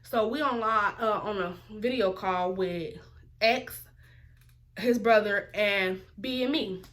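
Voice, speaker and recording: A woman's voice: mid-range voice, takes it slowly, fairly bright tone. A woman, telling a story in a casual vlog and mimicking other people's voices as she quotes them. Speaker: vlogger.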